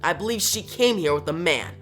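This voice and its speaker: A comic reviewer voicing a weary male detective who asks questions in a low, subdued way. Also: expressive, fairly quick, a bit bright, faint music behind, natural voice. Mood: probing.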